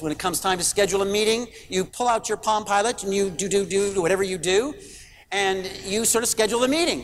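High-voiced man preaching in a reverberant church. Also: fairly bright tone, slight background noise. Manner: earnest, rhetorical questions, emphatic. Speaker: pastor. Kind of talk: sermon.

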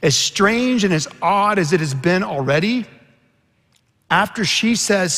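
A man's voice: sits high, expressive, slow, gravelly, a bit bright, long reverb tail. A man preaching a sermon, telling a scripture story earnestly and quoting its dialogue with rising intensity. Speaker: pastor.

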